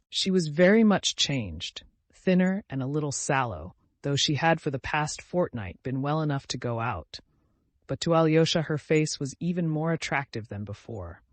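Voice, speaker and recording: A man narrating a classic novel as an audiobook, reading in a measured storytelling manner and lightly voicing the characters. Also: medium pitch, no room sound. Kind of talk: scripted narration.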